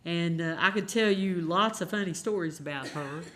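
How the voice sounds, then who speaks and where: A singer-songwriter, telling a folksy, gentle story between songs at a live songwriters' round, with unhurried pauses. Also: mid-range voice, a little hiss or hum.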